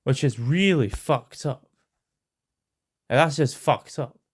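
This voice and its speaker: A man's voice: medium pitch, animated, slow pace, breathy edge. Rambling, sweary British man. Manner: rambling and sweary, full of ums. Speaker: host. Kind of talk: casual news rant.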